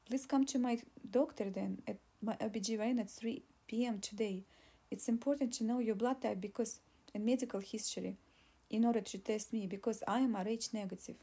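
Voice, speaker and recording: A woman's voice: a little high, fairly even intonation, a little fast, mellow, husky. A woman voicing a pregnant young woman who pleads and argues in an audiobook reading. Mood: pleading. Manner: pleading, insistent.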